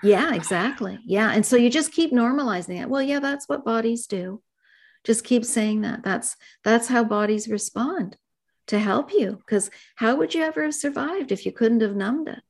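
A middle-aged woman therapist being interviewed, speaking gently and reflectively about her work. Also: a little high, normal speed. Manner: gentle, reflective, speaks in soft asides and acted client dialogue. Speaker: therapist and author, guest. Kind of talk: conversational interview.

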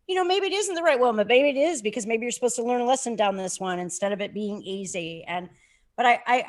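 Woman podcast host, dance teacher, fairly high voice, effusive and heartfelt, rambling with repeated words, casual chat.

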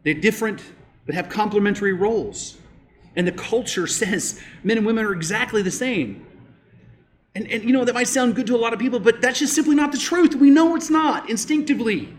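A man preaching a sermon as pastor, emphatic, rising on key points and dropping low and slow to press them home.

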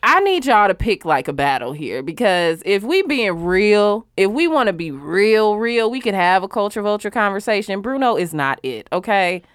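A woman co-hosting a podcast in candid casual chat, animated and profane. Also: mid-range voice, moderate pace, few pauses, no room sound, clean studio sound. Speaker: podcast co-host.

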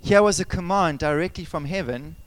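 A man preaching a sermon as pastor, animated and conversational, asking his congregation questions and telling personal stories. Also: a little high, fairly quick. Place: church service.

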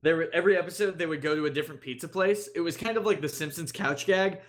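A man's voice: fairly high pitch, fast. A man co-hosting a podcast in casual chat, meandering with fillers as he recalls things. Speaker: podcast co-host.

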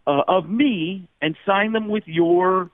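A man tells stories on a call, lively and quick to slip into other voices. His line sounds thin and phone-like, with no room around it. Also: sits high, no echo. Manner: animated, jumps into voices and impressions. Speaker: guest impressionist. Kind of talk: casual phone-in chat.

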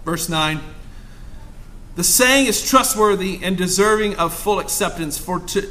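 Fervent high-voiced male pastor preaching. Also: expressive, slow pace, pushed and bright. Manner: fervent, rising to emphatic exclamations. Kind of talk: sermon.

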